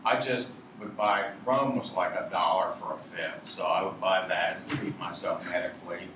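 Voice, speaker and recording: A man's voice: sits low, fairly even intonation, moderate pace. Rambling storyteller man from Virginia. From Virginia, USA. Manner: meandering, digressive, chuckles at his own tale. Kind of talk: rambling anecdotal storytelling to a live audience. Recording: echoey room, distant mic, noisy.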